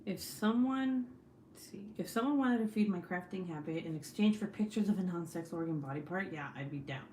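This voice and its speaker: A young woman with a fairly low, slightly mellow voice chats casually while crafting on her home livestream. She's blunt, swears a lot, and laughs often; the echoey room carries a little hiss or hum.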